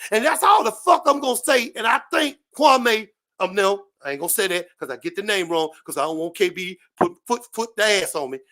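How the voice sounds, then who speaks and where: A man's voice: high voice, animated, fairly quick, few pauses. A man speaking as a guest on a live-stream panel, delivering an impassioned, profane political rant full of repetition and swearing. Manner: shouting, preachy, repetitive, heavy swearing.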